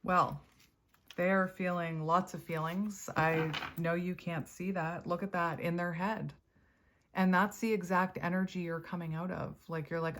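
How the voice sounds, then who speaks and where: A woman with a somewhat low voice gives a casual tarot reading straight to her viewers. She chats freely, thinks out loud and laughs often as she turns the cards. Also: steady tone, normal speed, a little hiss or hum. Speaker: tarot reader.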